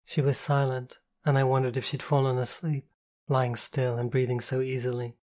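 A woman reading a novel aloud in the first person, calm, slow and intimate. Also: a bass voice. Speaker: audiobook narrator.

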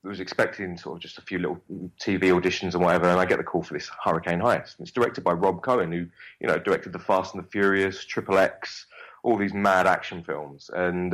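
A man's voice: deep voice, fairly even intonation, brisk, a bit bright, poor audio. A young man with a Cockney accent, an actor chatting as an interview guest, rambling and swearing freely. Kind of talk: casual interview chat.

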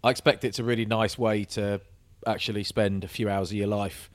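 A man, co-hosting a casual podcast, jokey and animated in banter. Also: lowish voice, brisk. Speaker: podcast co-host. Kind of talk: casual chat.

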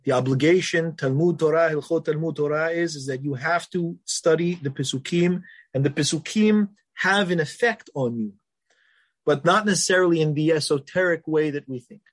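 A man with a high voice, a middle-aged rabbi leading a class. He reads Hebrew passages briskly and then explains them in English, asking his students questions and answering them himself. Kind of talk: classroom lecture on religious texts.

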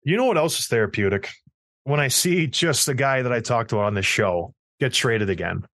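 A man co-hosting a casual hockey podcast, telling stories in an animated, ranting way. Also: medium pitch, fairly quick, dry recording, clean studio sound. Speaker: podcast co-host.

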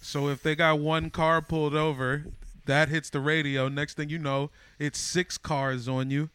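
A man with a smooth, bright voice talks in relaxed slang during a podcast chat. The recording is close and dry, with no room sound. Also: a little high, unhurried, no echo. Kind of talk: casual chat.

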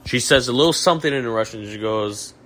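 A man's voice: medium pitch, fairly quick, fairly bright tone. A man hosting a casual comedy podcast, talking in a dry, mock-serious way with many restarts. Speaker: podcast host.

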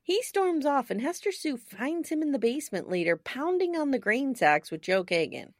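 A woman co-hosting a podcast in casual chat, animated and laughing often as she talks. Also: high voice, moderate pace, no echo, studio quality. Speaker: podcast co-host.

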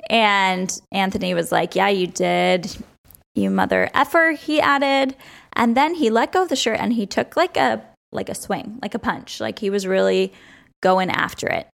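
A woman's voice: medium pitch, lively intonation, moderate pace, gravelly. A young woman hosting a sports podcast, chatting casually with strong opinions and frequent laughs.

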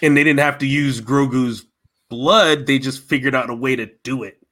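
A man's voice: mid-range voice, fairly even intonation, moderate pace, a bit bright. A man co-hosting a casual fan chat, talking enthusiastically and rambling with many restarts.

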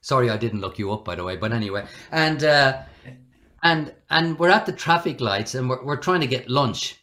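A middle-aged Irish man telling stories in a relaxed interview, animated and given to acting out the people he quotes. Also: medium pitch, moderate pace. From Ireland. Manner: animated, acts out quoted voices. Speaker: guest. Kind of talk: conversational storytelling.

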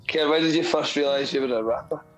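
A man's voice: a little high, steady tone, quick pace, crowd noise, rough recording. A man co-hosting a casual podcast, throwing in questions and quips and laughing a lot. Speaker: podcast co-host.

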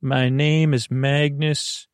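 A man's voice: fairly high pitch, flat delivery, takes it slowly, smooth, dry recording, studio quality. A man doing a boastful rhyming dancer monk. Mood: showing off. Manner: boastful, sing-song rhyming. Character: show-off young male break-dancing monk.

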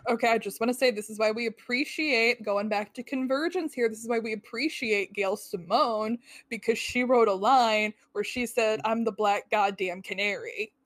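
A woman's voice: on the high side, moderate pace, hardly any pauses, fairly bright tone, dry recording, clean studio sound. A woman co-hosting a podcast, working through her notes with wry, thoughtful commentary. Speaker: podcast co-host. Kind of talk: casual comic-book analysis.

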